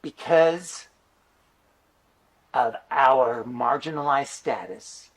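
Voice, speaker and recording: A man's voice: mid-range voice, very slow, slightly rough. A middle-aged man giving a conference talk, telling stories in a chatty way with lots of fillers. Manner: animated, chatty storyteller with many fillers. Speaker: conference speaker and teacher.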